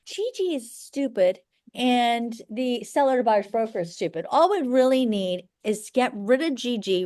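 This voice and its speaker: A middle-aged woman broker teaching a class of agents, blunt and brisk, often checking that everyone follows. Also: fairly high pitch, a little mellow. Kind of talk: live training class.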